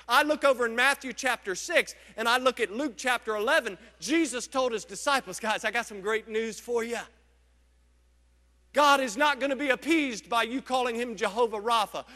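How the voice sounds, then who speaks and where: A man's voice: very high-pitched, sharp tone, in a large hall. A man preaching a sermon as pastor, emphatic, stretching out key words. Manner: emphatic preaching, drawn-out stresses.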